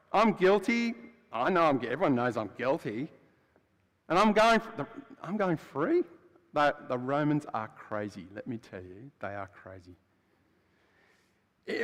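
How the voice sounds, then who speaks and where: A preacher playing Barabbas, blunt ex-prisoner. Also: male voice, on the high side. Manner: chatty, storytelling, swings between loud and hushed. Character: adult male prisoner Barabbas, rough and blunt. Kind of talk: first-person dramatic monologue in a sermon. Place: church. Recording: long church hall reverb.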